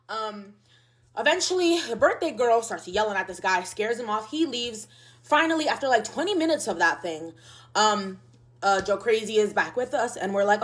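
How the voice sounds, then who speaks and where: Animated young woman telling a story. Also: mid-range voice, normal speed. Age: mid-twenties. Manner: rambling, filler-heavy, animated retelling. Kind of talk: casual storytime.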